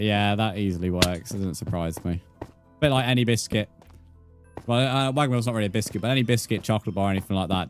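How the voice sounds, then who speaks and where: Chatty streamer, low voice. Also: male voice, a little mellow. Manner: chatty, swears casually, addresses viewers as mate. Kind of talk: casual live-stream chat.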